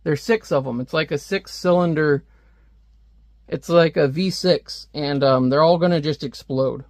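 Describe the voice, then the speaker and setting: A man's voice: on the high side, unhurried, darkish tone, dry recording, studio quality. A man casually reviewing a comic book, rambling and sarcastic as he reads panels aloud.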